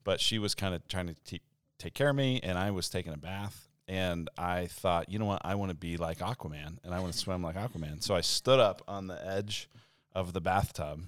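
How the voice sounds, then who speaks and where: A man's voice: low-pitched, brisk, dry recording. A man co-hosting a podcast, chatting casually and reacting playfully. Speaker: podcast co-host. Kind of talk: casual chat.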